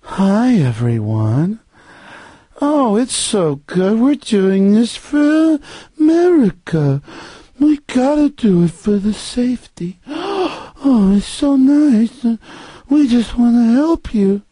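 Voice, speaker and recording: A man's voice: very high-pitched, big pitch swings, dark tone, dry recording, voice pushed up, full character voice. Man putting on a sugary fake-friendly elite. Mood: fake sweet. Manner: syrupy, drawn-out, falsely sweet.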